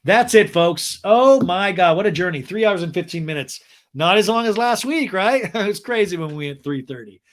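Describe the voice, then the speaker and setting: Animated man hosting a comedy recap podcast. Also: sits high, moderate pace. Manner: animated, giggly, acts out quotes. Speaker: podcast host.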